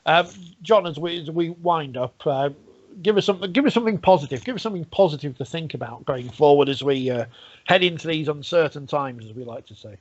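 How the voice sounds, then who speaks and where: A man hosting a chatty sports podcast. He has a fairly high voice and a wry, teasing manner. The sound is dull and lo-fi, like a remote connection. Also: brisk. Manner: wry, teasing, laughs between points. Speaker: podcast host. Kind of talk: casual podcast chat.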